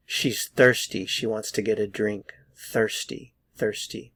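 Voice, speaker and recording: A man with an American accent teaching a pronunciation lesson, repeating each word slowly and deliberately for learners to copy. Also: fairly low pitch, fairly even intonation, a bit bright, breathy edge. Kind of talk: slow drilled pronunciation lesson.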